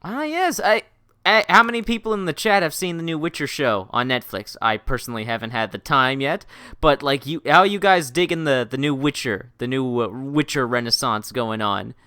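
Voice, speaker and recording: A giggly male livestream host whose voice swings up and down animatedly as he rambles through casual, unplanned chat. His tone is bright and sharp, recorded close and dry on a streaming mic with no room sound. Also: medium pitch, expressive, moderate pace, smooth, dry recording.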